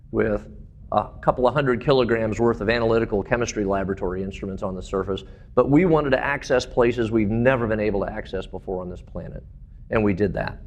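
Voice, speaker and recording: A man with a mid-range voice gives a public talk about slides. He tells stories enthusiastically and often pauses on uhs and ums. His sentences sometimes restart before he finishes them. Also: mid-range voice. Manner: enthusiastic storytelling with fillers. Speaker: presenter.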